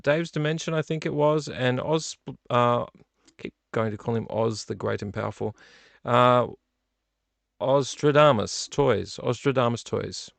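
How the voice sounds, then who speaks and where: Brief: middle-aged man, gravelly, rambling live-stream host, dry close sound. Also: medium pitch, no echo. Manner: rambling, chatty, self-deprecating. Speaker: vlog host. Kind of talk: casual live-stream chat. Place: home studio room.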